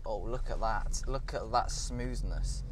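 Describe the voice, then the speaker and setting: A young British man giving a jokey, excitable, sweary running commentary while driving, recorded on a dashboard camera inside his car. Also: on the low side, a little slow, background noise. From United Kingdom. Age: young adult. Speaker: vlogger. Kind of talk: casual driving vlog commentary. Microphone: dashboard action camera. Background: car radio music.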